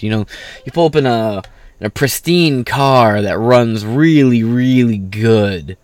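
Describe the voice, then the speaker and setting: A man's voice: on the low side, moderate pace. A tired man hosting casual political commentary, reading an article aloud with rambling, profane, sarcastic asides.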